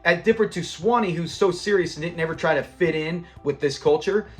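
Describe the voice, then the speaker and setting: A man reviewing a TV episode in a casual, animated retelling, laughing often and acting out the characters' lines. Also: fairly high pitch, a little fast.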